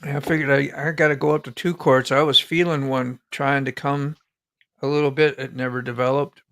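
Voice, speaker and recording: A man's voice: medium pitch, flat delivery, fairly quick, a bit bright. A man hosting a live stream, chatting casually in a joking, rambling way and laughing often. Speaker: livestream host.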